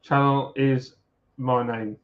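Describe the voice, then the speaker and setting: A man with a Yorkshire accent chats and jokes with his livestream viewers from home, sipping a beer while reading their comments. His mid-range voice is steady and slow, peppered with filler "uh"s, and the sound is dull lo-fi.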